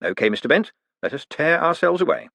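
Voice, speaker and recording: A man voicing a smooth, quick-witted male con man who talks in a wry, teasing way. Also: a little high, sing-song, pushed and bright, no room sound, voice pushed up, heavily acted.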